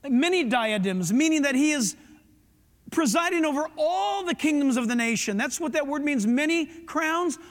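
Man, middle-aged pastor, emphatic sermon, very high voice, long hall echo. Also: expressive. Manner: emphatic, preaching with rising force and quick asides.

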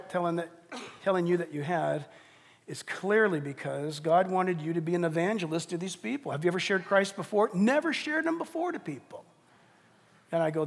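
A middle-aged pastor preaching from the pulpit, his husky, high-pitched voice swinging between hushed storytelling and loud bursts as he acts out each character. The long reverb of a big sanctuary trails every phrase. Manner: animated storytelling, acting out quoted voices. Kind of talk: sermon. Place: church sanctuary. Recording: long reverb of a large hall.

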